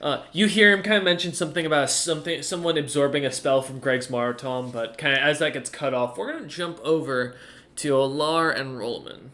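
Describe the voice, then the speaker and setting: A man's voice: a little high, fairly quick, sharp tone. A man running a tabletop game as game master, narrating in a hesitant way full of fillers and restarts.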